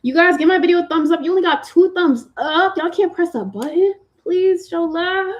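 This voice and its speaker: Speaking at normal speed in an extremely high pitch, a woman from Massachusetts hosts a laid-back livestream and answers chat questions. Her slangy banter is full of "like" fillers and playful teasing, and the computer-mic audio sounds dull.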